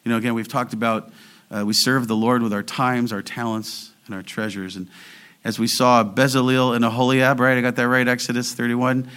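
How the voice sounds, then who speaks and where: Bright-voiced emphatic male preacher. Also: mid-range voice, flat delivery, clear, resonant tone. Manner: emphatic, rising sharply on key words; slow, deliberate reading of scripture. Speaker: pastor. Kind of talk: expository sermon.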